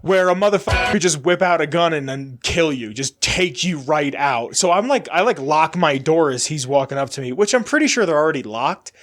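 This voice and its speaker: A young man co-hosting a podcast, chatting casually and telling a story with lively energy and plenty of swearing. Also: on the high side, a little fast, hardly any pauses. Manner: animated storytelling, swears freely. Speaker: podcast co-host. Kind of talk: casual chat.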